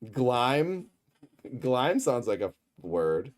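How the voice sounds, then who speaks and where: A man's voice: medium pitch, very animated, extremely slow, a little mellow. A man hosting a livestream, rambling and joking while reading chat messages. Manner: rambling, jokey, reads chat aloud. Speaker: livestream host. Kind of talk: casual livestream chat, reacting to a show.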